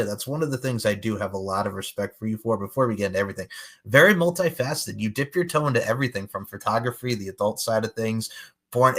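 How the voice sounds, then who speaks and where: Fast-talking enthusiastic male podcast host. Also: on the low side, a bit bright. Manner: enthusiastic, rambling. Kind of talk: casual interview chat.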